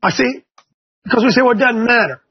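A man from Ohio leads a Bible class in a chatty, folksy sermon, pressing his listeners with one question after another. His voice sits unusually high and sounds husky. The recording is muffled and lo-fi. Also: quick pace.

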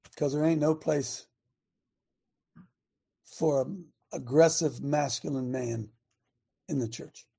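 A man with a high, husky voice hosts a fiery preaching talk. He hammers his points with rhetorical questions and stretches out the words he wants to land. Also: slow, long pauses, mellow. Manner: emphatic, rhetorical, drawing out key words. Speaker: radio show host.

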